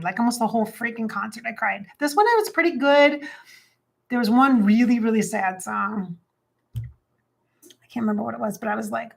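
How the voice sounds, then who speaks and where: A woman's voice: on the high side, brisk, vocal fry, husky. A chatty, bubbly woman in her late forties hosting a casual livestream and sometimes breaking into song. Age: 40s. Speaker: psychic livestream host.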